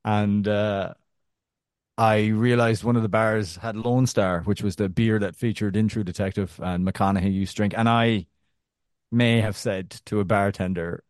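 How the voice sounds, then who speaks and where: Jokey low-voiced man, dry sound. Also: normal speed, clear, resonant tone, no room sound. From Arkansas, USA. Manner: jokey, animated, laughs often. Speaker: podcast co-host. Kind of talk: casual sports chat.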